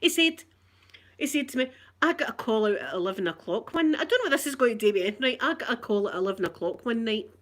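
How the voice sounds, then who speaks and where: Animated Glaswegian woman telling a story. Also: on the high side, fast. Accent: Scottish, Glasgow. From Scotland. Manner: animated, indignant, laughs through the story. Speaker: vlogger. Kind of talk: casual storytelling to camera. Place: at home, in a living room.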